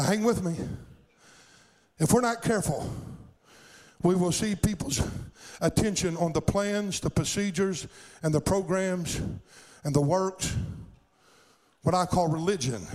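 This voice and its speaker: A middle-aged male pastor preaching a sermon, calling out to the congregation and building up to shouts at his high points. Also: unhurried, rough recording. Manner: preaching with call-and-response cries, rising to shouts.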